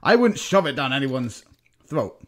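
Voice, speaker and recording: A man's voice: medium pitch, big pitch swings, unhurried. A man on a casual podcast chat, talking in a breezy, candid way and laughing easily.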